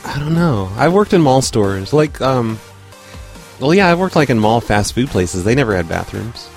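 A man's voice: mid-range voice, big pitch swings, moderate pace, vocal fry, soft background music. A man co-hosting a show in casual chat, rambling and laughing easily. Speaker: podcast co-host.

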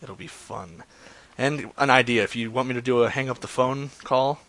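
A man streaming prank calls and chatting casually with his viewers, excitable and profane, often laughing. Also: mid-range voice, normal speed. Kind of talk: casual live-stream chat.

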